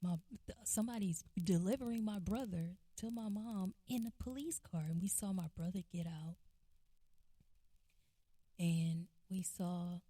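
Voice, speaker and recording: A woman's voice: fairly low pitch, warm tone, dry recording. A woman telling a family memory in an oral history interview, in an earnest, reflective way with restarts.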